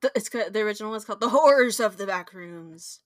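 In studio-quality audio free of room sound, a young woman co-host talks quickly at a medium pitch. Her podcast banter is casual and animated, with stories punctuated by laughter and playful sound effects.

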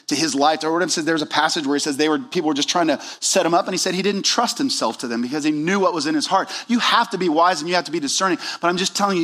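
A man's voice: a little high, fairly bright tone. A male pastor delivering a sermon in an earnest way, drawing out key words for emphasis.

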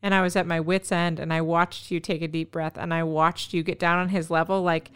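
A woman in her thirties chats with her co-host, expressive and quick to laugh. Her voice is smooth and fairly low for a woman. It is recorded close and dry. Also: dry recording. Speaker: podcast co-host. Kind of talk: casual chat.

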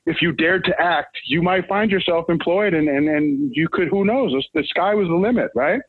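Animated New man on a tinny line. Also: a little high, normal speed, husky, dry recording. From Brooklyn, New York. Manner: rambling, animated storyteller with many restarts. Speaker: guest. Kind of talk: casual chat. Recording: tinny phone-like line, dry.

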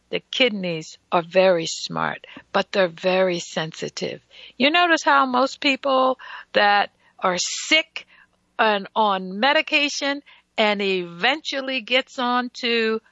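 A woman's voice: a little high, bright, forceful tone, no echo, lo-fi sound. A woman hosting a casual radio health talk show, emphatic and folksy, who often stutters and restarts her sentences.

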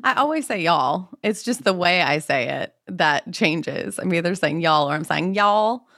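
Low-voiced woman co-host from Maryland. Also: expressive, normal speed, a bit bright, no room sound, studio quality. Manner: teasing, laughs easily. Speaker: podcast co-host. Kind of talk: casual podcast chat.

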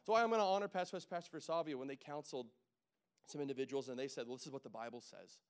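A man in his thirties preaching a casual, joking sermon that rises into loud, emphatic calls to the congregation. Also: medium pitch, fast talker. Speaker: pastor.

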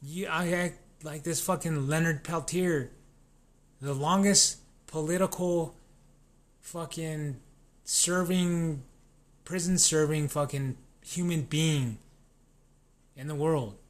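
A man's voice: on the high side, fairly even intonation, slow, long pauses. A man in a casual, rambling rant, swearing constantly and restarting his sentences. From New Mexico.

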